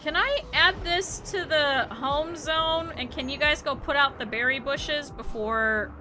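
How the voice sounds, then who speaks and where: Excitable woman streamer, rambling and bright, slightly high voice, faint music underneath. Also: measured pace. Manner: excitable, rambling, swings to loud outbursts. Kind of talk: casual gaming stream chat.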